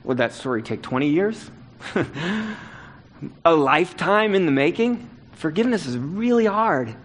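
A man's voice: on the high side, sing-song, a little slow. A middle-aged man preaching a sermon, telling a personal story earnestly and building to emphatic repeated calls to action. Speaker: pastor.

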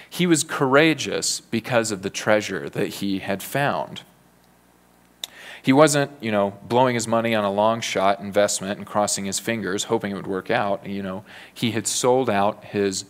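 Male preacher, lowish voice, earnest conversational sermon, casual fillers. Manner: earnest, conversational, frequent "you know" fillers.

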